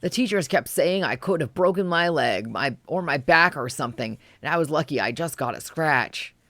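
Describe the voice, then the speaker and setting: A streamer voicing a young boy reading an excited diary entry aloud, in a loud, gushing voice. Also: mid-range voice, normal speed, dry recording.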